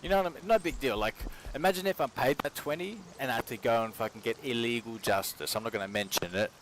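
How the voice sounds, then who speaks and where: A man's voice: medium pitch, quick pace. A man from Australia, rambling and swearing in a casual stream chat from his kitchen. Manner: rambling, profane, slangy. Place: home kitchen while cooking. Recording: noisy home stream audio.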